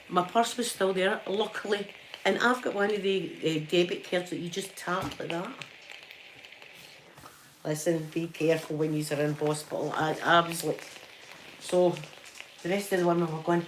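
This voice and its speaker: A middle-aged woman with a Scottish accent telling a story casually in a chatty, repetitive, animated way. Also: fairly high pitch, moderate pace, a little hiss or hum. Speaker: vlogger.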